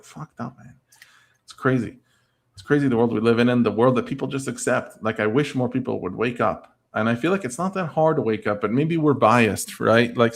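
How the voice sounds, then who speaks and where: Rambling man chatting on a livestream. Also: medium pitch. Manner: rambling, full of "like" and "I don't know". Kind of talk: casual livestream chat.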